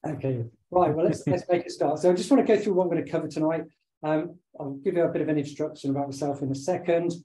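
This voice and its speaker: A man, slightly hoarse from talking all day, giving a conversational online presentation with many filler sounds. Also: fairly high pitch, quick pace, mellow, a little hiss or hum, low-quality recording. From United Kingdom. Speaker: webinar presenter and business owner. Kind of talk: online presentation over slides.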